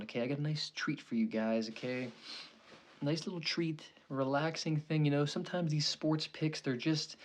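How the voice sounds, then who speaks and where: A young man hosting a sports betting show, rambling and swearing casually as he gives picks and jokes around, tagging lines with "okay" and "you know". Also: medium pitch.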